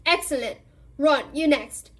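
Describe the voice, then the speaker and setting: A woman voicing a calm, encouraging middle-aged male teacher who calls out brisk commands to a class in a storybook reading. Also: high voice. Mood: commanding.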